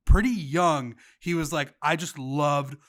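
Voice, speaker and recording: A man's voice: a little high, a little slow. A man co-hosting a podcast, talking in a rambling, casual way with lots of filler words. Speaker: podcast co-host. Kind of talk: casual chat.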